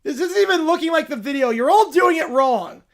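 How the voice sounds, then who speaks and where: A man's voice: very high-pitched, lively intonation, fairly quick, fairly bright tone, voice pushed up, full character voice. A man voicing a spoiled, bratty child who thinks he is royalty, whining and petulant. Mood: demanding. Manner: whiny, petulant.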